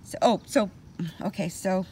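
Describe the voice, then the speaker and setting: A woman's voice: medium pitch, unhurried, a little mellow, slight background noise. A woman in her sixties telling a personal story in a meandering way that keeps circling back. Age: 60s. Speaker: vlogger.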